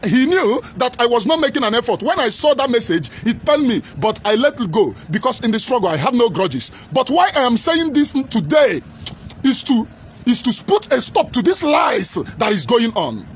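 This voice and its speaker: A man's voice: extremely high pitch, sing-song, normal speed, slight background noise. A man giving an emphatic, repetitive political commentary monologue.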